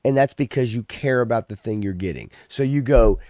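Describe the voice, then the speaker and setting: A man's voice: medium pitch, a little fast, warm tone, no room sound, studio quality. A man co-hosting a casual podcast, talking in a loose, ranting way with plenty of swearing. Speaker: podcast co-host. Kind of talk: casual chat.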